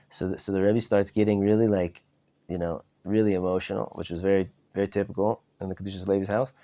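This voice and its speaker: A male rabbi teaching a class, telling a story in an ordinary mid-range voice. He is animated, repeats and restarts his words, and builds toward his point. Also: deep voice, a little fast. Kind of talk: storytelling lesson. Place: study hall.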